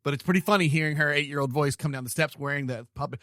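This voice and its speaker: A man in casual podcast banter, jokey and animated, laughing often. His voice sits in the middle of the usual range. The sound is dry and close. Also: mid-range voice, quick pace, few pauses, no room sound. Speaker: podcast co-host. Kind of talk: casual chat.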